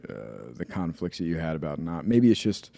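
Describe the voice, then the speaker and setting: A young man co-hosting a podcast, reacting with quick interjections and thinking his ideas through out loud. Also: low voice, very animated, gravelly, no echo. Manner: reacts with laughs and short interjections, then lays out his guesses thoughtfully. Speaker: podcast co-host. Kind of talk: casual chat.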